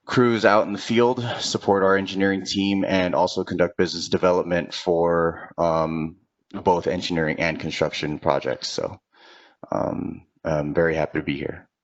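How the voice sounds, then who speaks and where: A man introducing himself on a video call, hesitant and full of fillers. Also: deep voice. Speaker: engineer. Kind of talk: casual self-introduction. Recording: muffled video-call audio.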